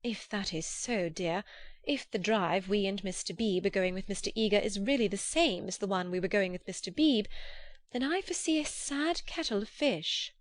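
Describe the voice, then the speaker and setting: A fussy, prim older cousin who frets and gently scolds, voiced by a woman narrator. Her lines sit somewhat higher than the narration, recorded dry and close. It is plain storybook reading. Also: moderate pace, no room sound, lightly acted. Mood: fretful. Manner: prim, gently reproving, fretful. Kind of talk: audiobook character reading.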